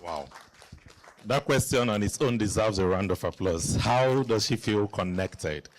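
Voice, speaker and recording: A man's voice: on the low side, measured pace. A man hosting a live community Q and A in a hall, chatty and joking as he coaxes the audience to ask questions. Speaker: event host.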